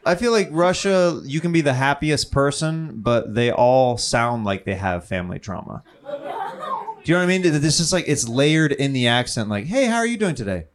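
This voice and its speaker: A man's voice: mid-range voice, moderate pace. A young man hosting a comedy show, joking around in a goofy, playful way and hyping up the crowd. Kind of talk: casual comedic banter.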